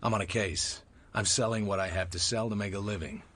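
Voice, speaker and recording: An actor playing a dry, cynical hard-boiled private detective in a 1940s-style radio drama, talking in laconic wisecracks. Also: male voice, on the low side, steady tone, fairly quick, fairly bright tone, husky. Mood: defiant. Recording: hissy old radio recording.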